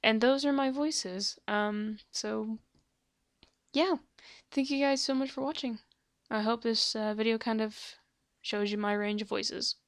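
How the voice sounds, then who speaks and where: Woman, slightly sore throat, soft and breathy, fairly high voice, dry close mic. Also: steady tone, a little slow, no room sound. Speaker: voice actor auditioning. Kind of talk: casual audition video.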